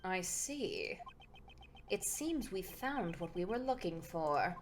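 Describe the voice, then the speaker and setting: A woman voicing a composed, formal male prosecutor from a game, with a lowered, measured delivery. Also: expressive, a little hiss or hum. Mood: deductive.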